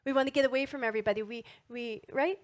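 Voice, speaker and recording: Animated woman giving a motivational talk. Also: fairly high pitch, very fast. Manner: animated, asks the audience many tag questions. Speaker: wellness speaker.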